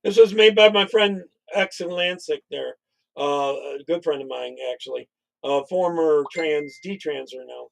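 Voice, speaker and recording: A man hosting commentary, with a gravelly, creaky voice pitched a bit high. He speaks casually and haltingly, repeating words as he gathers his thoughts. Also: soft background music, rough recording. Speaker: commentary host.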